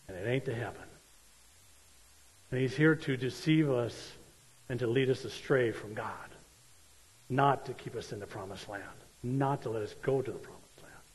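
A man's voice: medium pitch, a little mellow, slightly rough. A male preacher delivering a sermon emphatically and repeating key points for stress. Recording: long church-hall reverb.

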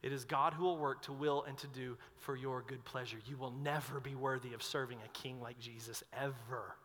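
A young adult man preaching a sermon, telling stories with swings between loud and hushed delivery. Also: medium pitch, steady tone, normal speed. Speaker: pastor. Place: large hall with long reverb. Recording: long hall reverb.

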